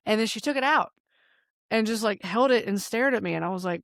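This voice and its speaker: A woman in her thirties co-hosting a casual podcast, recounting a story with animated, swearing energy. Her voice has a gravelly edge. It is recorded dry and close on a studio mic. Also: mid-range voice, a little fast, no echo. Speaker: podcast co-host. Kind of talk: casual chat.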